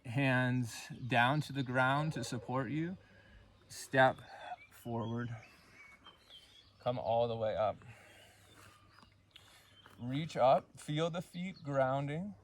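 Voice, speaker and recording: A man leading a yoga class, cueing poses and breaths in a calm, unhurried way and counting the holds. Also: mid-range voice. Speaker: yoga instructor. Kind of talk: guided yoga class instruction.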